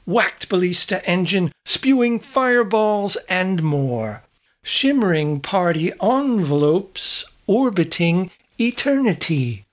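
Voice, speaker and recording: A woman reading a whimsical poem aloud in a slow, rhythmic recitation. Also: lowish voice, lively intonation. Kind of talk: poetry reading.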